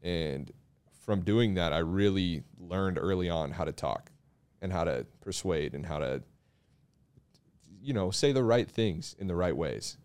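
A young man telling stories in a relaxed casual chat, laughing at himself now and then. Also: low voice, a little slow, smooth. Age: young adult. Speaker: young real estate agent.

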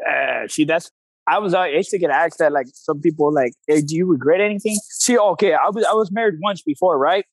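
Male coach guest, high-pitched, blunt storyteller with slang, recorded dry and close. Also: brisk, no room sound, poor audio. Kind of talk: casual interview talk.

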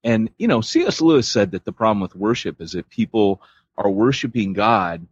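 European male podcast co-host, husky, loose rambling delivery, dull dry recording. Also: fairly low pitch, animated, normal speed, no echo. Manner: rambling, loose, full of fillers. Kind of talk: casual chat.

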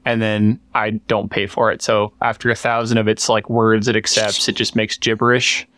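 A man's voice: lowish voice, level tone, normal speed, fairly bright tone, slight background noise. A man co-hosting a podcast in casual chat, rambling with lots of fillers and restarts. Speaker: podcast co-host. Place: workshop.

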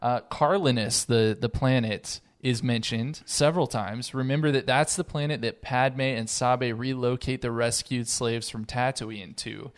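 A man's voice: mid-range voice, steady tone, a little slow, hardly any pauses. A man co-hosting a podcast, casually reading book excerpts aloud and often laughing. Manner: reads quotes aloud, breaks into laughter. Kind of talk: casual chat.

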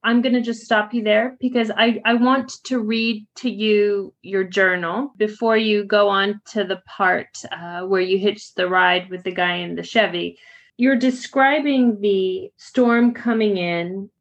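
A woman's voice: mid-range voice, steady tone, unhurried, muffled recording. A woman interviewing, reading passages from a journal aloud and prompting the guests with questions. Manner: inquisitive, narrating and prompting.

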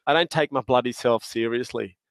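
A cheerful middle-aged Australian man chats in a loose, joking way, laughing easily as he tells stories full of slang. His voice sits at an average pitch. The sound is close and dry. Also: brisk, fairly bright tone, no room sound. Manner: jovial, laughing storyteller with slang. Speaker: podcast guest. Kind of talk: casual chat.

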